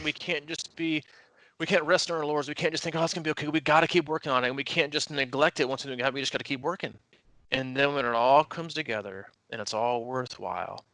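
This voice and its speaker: A man's voice: a little high, dry recording, poor audio. A man, a triathlon coach and podcast host, talking casually and at length, rambling with many restarts and fillers. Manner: rambling, animated, frequent restarts and "like".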